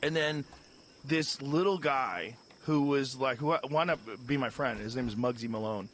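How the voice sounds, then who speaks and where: A man's voice: medium pitch, a bit bright, slight background noise. Candid man telling a story on a podcast. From Massachusetts. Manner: candid and conversational, with quick asides. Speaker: podcast host. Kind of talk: casual chat, telling anecdotes.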